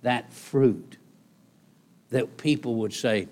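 Preaching man, swinging loud and soft. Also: medium pitch, moderate pace. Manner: animated preaching with sudden loud rises and soft drops; repeats phrases for emphasis. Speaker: pastor. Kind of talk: sermon.

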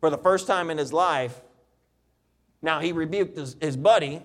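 A middle-aged man preaching a sermon, reading scripture and telling stories with lively, animated delivery. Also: normal speed. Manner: animated storytelling preacher, reads scripture in a lower, steadier voice. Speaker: pastor.

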